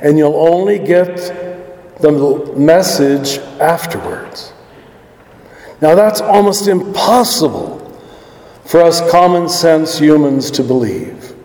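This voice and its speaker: A man, a priest, reading the gospel and preaching a homily in a measured, deliberate way. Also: on the high side, animated, darkish tone. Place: church. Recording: long church reverb.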